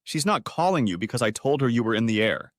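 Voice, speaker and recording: A man voicing a loyal young female personal assistant who speaks briskly and dutifully. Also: mid-range voice, animated, no echo, studio quality, lightly acted.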